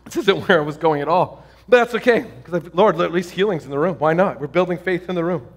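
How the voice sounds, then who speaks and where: A man preaches to a congregation with a fairly high voice. He tells stories with lots of excitement and often breaks off mid-sentence to start over. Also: fast. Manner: excited, storytelling, many restarts and fillers. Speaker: pastor. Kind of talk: sermon.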